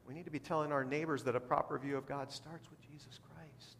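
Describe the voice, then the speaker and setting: A man's voice: fairly high pitch, steady tone, a little fast, gravelly, hardly any pauses, fairly bright tone, a little hiss or hum. Preaching man in a reverberant hall. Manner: preaching with rising bursts of emphasis. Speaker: pastor. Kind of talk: sermon.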